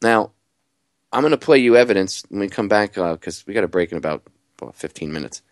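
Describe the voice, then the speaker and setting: A man hosting a talk radio show, delivering an animated, sarcastic monologue full of rhetorical questions. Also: on the low side, fast, dry recording, studio quality.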